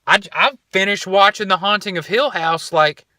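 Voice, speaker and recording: A man's voice: high voice, moderate pace, sharp tone, no room sound, studio quality. A young man hosting a podcast, telling stories in a laid-back, rambling way and swearing casually. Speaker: podcast host. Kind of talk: casual storytelling monologue.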